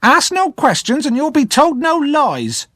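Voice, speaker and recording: A man's voice: sits high, wildly swooping pitch, normal speed, fairly bright tone, dry recording, clean studio sound, voice pushed up, heavily acted. A man voicing a harsh, hard-tempered older woman who scolds sharply. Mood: snapping.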